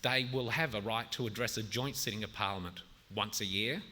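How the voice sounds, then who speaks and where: Bright-voiced Australian man at a public forum. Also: fairly low pitch, brisk. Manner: earnest, explanatory, with frequent restarts. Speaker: state government minister on a forum panel. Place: outdoor festival forum.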